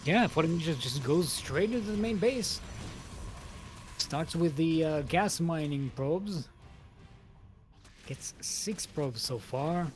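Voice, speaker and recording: An esports caster giving live play-by-play, animated and laughing, with frequent hesitations. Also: mid-range voice, slow, pauses often, a little hiss or hum. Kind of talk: live game commentary.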